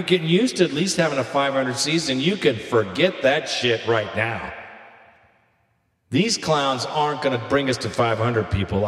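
A man calling in as a fan, speaking in a blunt, mocking way. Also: mid-range voice. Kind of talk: fan call-in rant. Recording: echoey, roomy sound.

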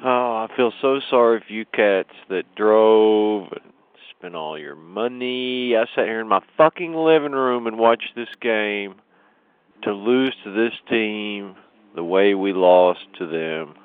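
A man's voice: on the low side, slow pace, clean tone, dry recording. A man phoning in to a radio show, exasperated and swearing. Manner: exasperated, profane. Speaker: caller. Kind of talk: fan voicemail rant. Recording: dry tinny phone line.

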